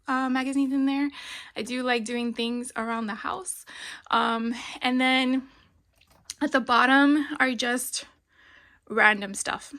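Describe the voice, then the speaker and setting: A woman's voice: fairly high pitch, bright, forceful tone. A middle-aged woman chatting casually through a tour of her home craft room, with lots of ums and a slightly breathless delivery. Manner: chatty, frequent ums, light laughs. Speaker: craft vlogger.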